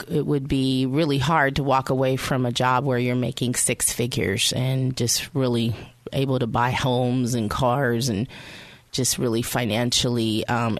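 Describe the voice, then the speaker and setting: Gravelly woman radio host sharing testimony. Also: very deep voice, no echo. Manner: chatty, addresses listeners directly. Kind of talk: personal faith testimony.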